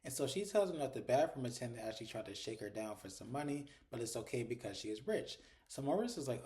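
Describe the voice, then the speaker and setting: A man casually recapping a TV episode, retelling the scenes and briefly mimicking the characters' lines in a higher voice. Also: expressive, fast, hardly any pauses, mellow. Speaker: TV show reviewer.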